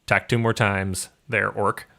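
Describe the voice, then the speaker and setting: Bright-voiced young man running a tabletop game. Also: fairly low pitch, a little slow, creaky. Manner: relaxed, filler-heavy description. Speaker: game master.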